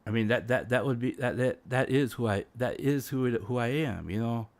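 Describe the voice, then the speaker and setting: A man's voice: mid-range voice, normal speed, no room sound. A man streaming as a VTuber, ranting casually with many restarts and fillers. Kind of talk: casual livestream rant.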